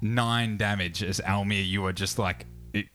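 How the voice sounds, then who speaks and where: A man's voice: on the low side, fairly even intonation, unhurried, a bit bright, faint music behind. A young man narrating as game master, casual, with many fillers.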